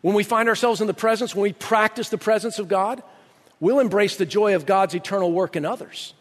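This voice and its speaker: A male pastor delivers an emphatic sermon in a strikingly high voice. He reads scripture aloud with building conviction. His voice rings through a hall with a long reverb tail. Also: a little fast.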